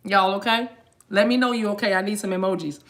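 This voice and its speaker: A woman's voice: medium pitch, fairly even intonation, quick pace. A woman hosting a tarot live stream, chatting casually and playfully with viewers in slang, joking and laughing often. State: eating a mint while talking.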